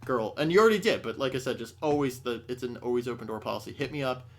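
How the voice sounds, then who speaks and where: A man hosting a podcast in casual chat, telling stories excitedly and swearing a lot. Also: mid-range voice, quick pace. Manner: profane, excitable storytelling. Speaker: podcast host.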